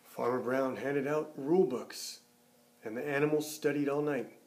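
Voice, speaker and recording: Man, storybook read-aloud, expressive, mid-pitched, sentence ends sink low and soft. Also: normal speed, a little hiss or hum. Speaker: teacher reading a picture book aloud.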